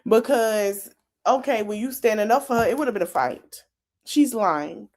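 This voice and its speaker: A woman's voice: mid-range voice, a little slow, darkish tone. A woman giving casual commentary, cutting in with blunt, dismissive remarks.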